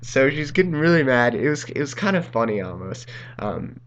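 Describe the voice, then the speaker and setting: A man's voice: mid-range voice, very animated, normal speed, muffled recording. A young man hosting a gaming channel, telling a casual story over gameplay in a rambling way, full of ums and uhs and laughing through lines.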